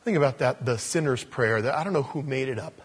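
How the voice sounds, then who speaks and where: A man preaching a conversational sermon, swinging between loud emphasis and soft asides. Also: medium pitch, brisk, slightly rough.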